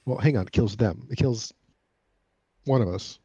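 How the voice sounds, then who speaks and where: A man playing in a tabletop game, joking and quick with wry comments. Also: fairly low pitch, mellow, husky, dull audio. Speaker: player. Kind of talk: casual tabletop banter.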